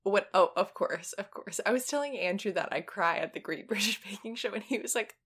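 A young woman co-hosting a casual chat podcast, excitable and gushing, often giggling. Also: medium pitch, brisk, breathy edge. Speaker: podcast co-host.

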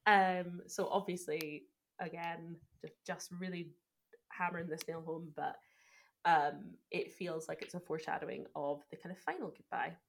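A young woman chatting on a podcast about a film she loves. Her voice sits a little low, and she talks with eager, gushing enthusiasm. She also picks the film apart with careful analysis. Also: steady tone, moderate pace, gravelly. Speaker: podcast co-host. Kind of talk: casual film discussion podcast.

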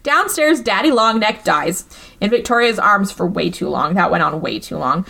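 A woman hosting a podcast, recapping a movie in a casual, comedic way. She is animated and swears freely. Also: mid-range voice, moderate pace, vocal fry. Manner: animated and profane, acts out quotes.

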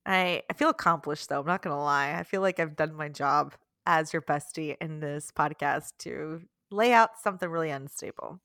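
A woman's voice: deep voice, normal speed, few pauses, fairly bright tone, no echo, clean studio sound. A woman co-hosting a podcast, chatting casually in a playful, giggly way and telling stories with drama. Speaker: podcast co-host. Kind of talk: casual chat.

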